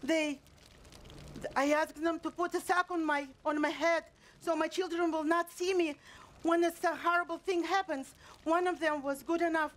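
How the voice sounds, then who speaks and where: A woman acting a middle-aged mother who survived a pogrom, speaking in a halting stage monologue full of restarts and repeated words. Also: very high voice, fairly even intonation. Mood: desperate. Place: theater stage.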